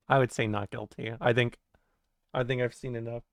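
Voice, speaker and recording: Here a man with a creaky mid-range voice reads his livestream chat out loud, joking, cursing and frequently laughing. The recording is studio quality with no echo.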